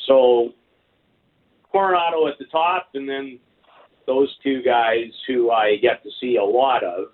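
A man speaks slowly over a tinny phone line, weighing each point like a seasoned hockey commentator. His delivery is measured and thoughtful, with the odd restart as he gathers his thoughts. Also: medium pitch, steady tone. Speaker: hockey color commentator and team insider. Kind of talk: sports radio phone-in analysis.

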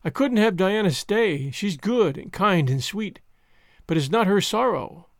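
A man's voice: high voice, expressive, measured pace, dry recording. A man reading the part of an earnest, heartfelt orphan girl in grief, in a dry, close recording. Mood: sobbing. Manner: earnest, tearful pleading.

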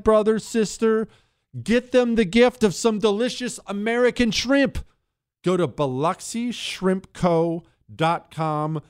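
Animated, sarcastic male radio host. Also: sits high, smooth, no room sound, studio quality. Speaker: radio talk show host. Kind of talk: opinionated talk radio monologue and ad read.

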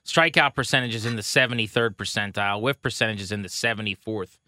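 A man co-hosting a baseball podcast, casually rattling off pitching stats with a wry edge. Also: fast, sharp tone, no room sound, clean studio sound. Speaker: podcast co-host. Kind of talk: casual sports talk.

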